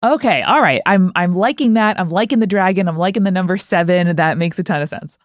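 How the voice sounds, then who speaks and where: A woman's voice: fairly low pitch, dry recording. Dry-sounding woman with joking asides. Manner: reacts with quick, joking asides. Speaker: podcast co-host. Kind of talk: casual chat.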